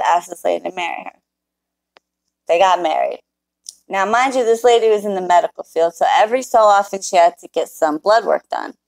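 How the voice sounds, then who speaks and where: A woman's voice: fairly low pitch, vocal fry, darkish tone, dry recording, low-quality recording. Woman telling a story to her chat, swears a lot, blunt, dry close sound. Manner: profane, blunt, talks straight to viewers. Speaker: spiritual worker telling a client story. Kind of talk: casual storytelling to a live chat.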